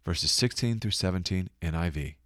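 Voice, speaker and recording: A man giving scripted Bible-teaching narration, reading scripture dramatically and citing verses more quietly. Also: deep voice, normal speed, no room sound, clean studio sound.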